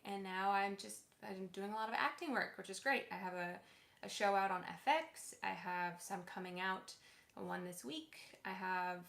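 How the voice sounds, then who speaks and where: A bubbly, playful woman chatting casually on a livestream, her talk quick to turn into laughter. Her voice sits at an ordinary middle pitch for a woman. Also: gravelly, a bit bright, reverberant. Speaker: co-host, lawyer and actress.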